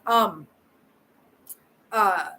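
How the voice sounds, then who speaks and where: Woman hosting a chatty livestream, mid pitch, talks straight back to comments, repeats herself a lot, faint background hiss. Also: very slow, pushed and bright, poor audio. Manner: chatty, repeats words, answers comments directly. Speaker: channel host. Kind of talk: live chat with viewers.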